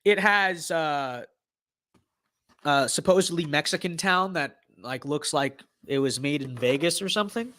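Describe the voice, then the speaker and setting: A young streamer casually and sarcastically comments on his own gameplay, muttering to himself before bursting into excited shouts. His voice sits at medium pitch and he speaks unhurriedly.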